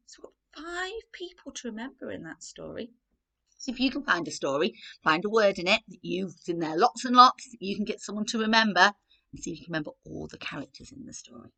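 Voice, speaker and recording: A woman reading a story aloud for a children's playgroup, animated and sing-song, asking the little ones questions. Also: mid-range voice, gravelly.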